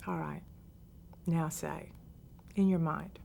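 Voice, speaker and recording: Speaking at a moderate pace in a fairly low, gravelly voice, this woman therapist leads a coping skills lesson. Her manner is direct and coaching, and she acts out the self-talk she quotes.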